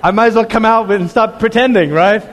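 A male pastor with a high-pitched voice preaches briskly to a church congregation, earnest and conversational, often putting direct questions to listeners. The audio carries the long reverb of a large hall plus slight background noise.

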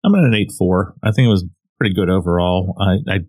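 A man from Pennsylvania, co-hosting a casual manga podcast in a laid-back, halting way. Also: low voice, expressive, a little mellow, no echo. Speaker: podcast co-host.

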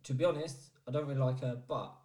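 A man from Scotland co-hosting a casual chat, telling stories in an animated way with plenty of swearing. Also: medium pitch, quick pace, distant mic. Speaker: podcast co-host. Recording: roomy echo, off-mic.

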